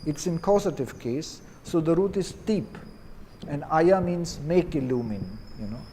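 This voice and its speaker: Man, chanting teacher, gentle explanations, slightly high voice, mellow tone. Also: expressive, a little slow, a little hiss or hum. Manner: gentle and explanatory, with many "you see" asides.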